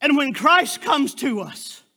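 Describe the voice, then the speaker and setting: A man's voice: very high voice, big pitch swings, slow, pushed and bright. A man preaching a sermon as a guest preacher, fervent and exclamatory, with frequent interjections.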